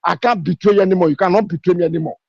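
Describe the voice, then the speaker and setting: A man with a Nigerian English accent speaks with fire and urgency, hammering the same rhetorical questions again and again. His voice sits high and sounds husky. It comes through dull, lo-fi online call audio. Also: racing, darkish tone, dry recording. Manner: repetitive rhetorical questions, fiery. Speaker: participant in an online discussion. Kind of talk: impassioned call-in speech.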